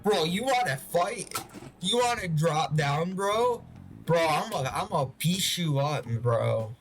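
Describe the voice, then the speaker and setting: A man's voice: a little high, animated, takes it slowly, soft background music. A man doing a brash young tough. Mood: aggressive. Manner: slangy, swaggering. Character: brash hotheaded young man, picking a fight.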